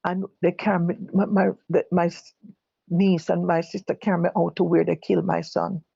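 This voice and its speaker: An older Jamaican woman giving personal testimony, halting and correcting herself as she recalls what others said. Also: on the low side, little pitch movement, gravelly, dark tone, breathy edge, no echo, muffled recording. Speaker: guest telling her own story. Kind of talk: personal testimony told live.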